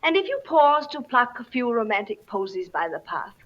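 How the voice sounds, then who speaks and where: A woman's voice: a little high, big pitch swings, normal speed, fairly bright tone. An actress with a Mid-Atlantic accent playing a stern woman giving a cool, reproachful farewell, in 1940s film acting. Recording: dull old film soundtrack.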